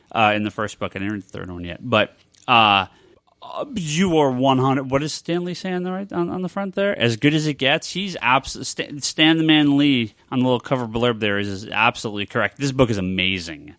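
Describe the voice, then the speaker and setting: A man's voice: medium pitch, fairly quick, fairly bright tone, dry recording. An American man co-hosting a podcast, talking casually in a rambling, enthusiastic way, often correcting himself. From United States. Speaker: podcast co-host. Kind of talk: casual chat.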